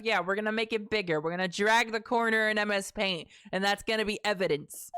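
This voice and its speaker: A woman's voice: mid-range voice, brisk, hardly any pauses, a bit bright. A young woman streamer commenting on a game she plays, sarcastic and swearing freely. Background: game music.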